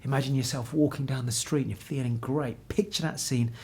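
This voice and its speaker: Man in his fifties, husky voice, motivational coach, energetic direct address, indoor room. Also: medium pitch, brisk. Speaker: confidence coach. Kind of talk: motivational talk to camera. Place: indoor room with pictures on the wall.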